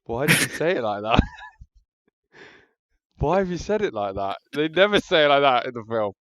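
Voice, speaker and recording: A man's voice: medium pitch, big pitch swings, normal speed, a bit bright, dry recording. A man co-hosting a podcast, rambling and laughing through casual banter. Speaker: podcast co-host. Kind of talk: casual chat.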